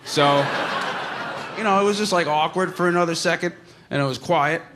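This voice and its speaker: Dude rambling through a funny story, bright kinda sharp voice, tons of likes and you knows. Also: male voice, a little high, normal speed. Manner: rambling, fillers like "like" and "you know", chuckling. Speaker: comedian telling a story. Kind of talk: casual storytelling.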